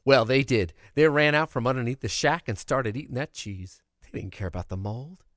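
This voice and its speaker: A man telling a folksy childhood tale in an animated, expressive way. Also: mid-range voice, moderate pace, no echo, clean studio sound. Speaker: storyteller. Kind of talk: oral storytelling of a childhood tale.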